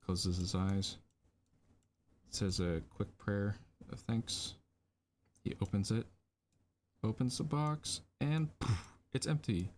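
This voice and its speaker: A man sketching a scene live on stream and narrating it off the cuff, lively and rambling with fillers. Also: fairly low pitch, takes it slowly, pauses often, a little hiss or hum. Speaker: storyboard artist streaming a lesson. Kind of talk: improvised livestream narration.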